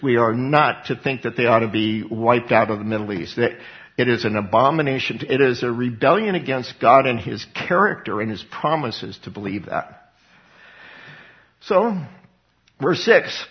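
A man preaching a sermon in an emphatic way, asking questions and answering them himself. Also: medium pitch. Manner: emphatic, asks and answers his own questions. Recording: dull lo-fi recording.

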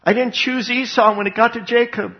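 A man's voice: extremely high pitch, steady tone, a little fast. A man preaching a sermon in an emphatic way, asking questions and answering them himself. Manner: emphatic, asks and answers his own questions. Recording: dull lo-fi recording.

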